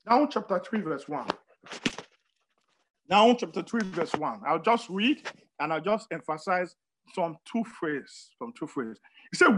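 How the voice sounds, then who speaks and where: A preacher giving a sermon, repeating words and phrases emphatically, with sudden swings of pitch and loudness. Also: lively intonation, unhurried, long pauses.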